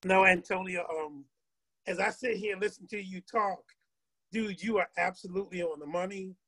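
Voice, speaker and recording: A man's voice: high-pitched, normal speed, bright, forceful tone, no echo, rough recording. A middle-aged man telling a personal story in casual talk, earnest and emphatic, often repeating himself. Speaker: guest on a group call.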